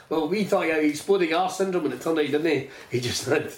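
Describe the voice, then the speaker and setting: A Scottish man chats casually on a podcast, cracking jokes and swearing freely. His voice sits a little high. The room adds a noticeable echo. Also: fast, hardly any pauses. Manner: swearing, jokey, puts on voices. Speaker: podcast co-host. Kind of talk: casual chat.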